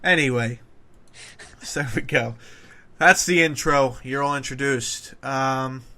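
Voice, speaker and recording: A man's voice: medium pitch, slow, sharp tone. A man hosting a casual podcast chat, joking around and hesitating with fillers. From Wales. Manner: jokey, puts on accents, hesitant fillers. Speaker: podcast host.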